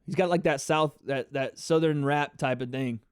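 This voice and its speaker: A man hosting a live fight reaction stream, excitable and chatty, talking to his chat viewers. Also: medium pitch, moderate pace, smooth, no room sound, clean studio sound. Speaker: livestream host.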